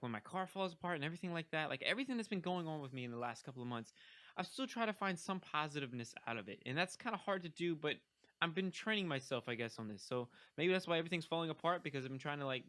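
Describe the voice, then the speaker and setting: A man's voice: mid-range voice, a bit bright. A young man vlogging casually to camera, rambling and upbeat with lots of fillers. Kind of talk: casual talking-head vlog.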